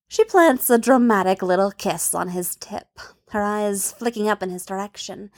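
Soft-voiced woman narrating a story. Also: medium pitch, moderate pace. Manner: soft, intimate, often dropping to a hush. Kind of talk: reading an adult fan fiction story.

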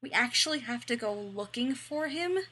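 A woman reading the lines of a snobby, sarcastic teenage high school girl in a snippy way. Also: expressive, normal speed, sharp tone, slight background noise.

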